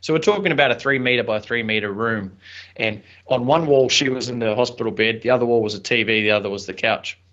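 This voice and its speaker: A man's voice: medium pitch, fast, fairly bright tone. Earnest young man telling a personal story. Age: young adult. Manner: earnest, reflective, chatty with fillers. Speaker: podcast guest, entrepreneur and author. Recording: slightly dull lo-fi audio.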